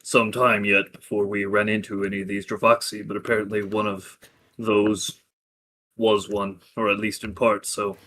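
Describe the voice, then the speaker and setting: A player speaking in character in a tabletop role-play session, measured and formal. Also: sits low, little pitch movement, fairly bright tone.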